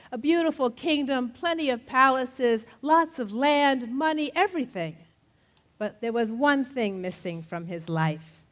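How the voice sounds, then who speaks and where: A middle-aged woman telling folktales live in a festival tent, playful and animated, joking with the audience and leading them in refrains. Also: fairly high pitch. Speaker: storyteller. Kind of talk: live storytelling performance. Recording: faint audience crowd behind. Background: faint crowd of listeners.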